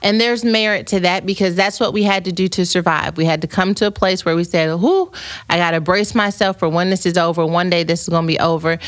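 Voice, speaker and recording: A woman's voice: medium pitch, a bit bright, no echo. A woman from the United States hosting a live podcast, chatting playfully with viewers, reading their comments, and turning reflective and faith-minded. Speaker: podcast host. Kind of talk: casual livestream chat with viewers. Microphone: streaming camera setup.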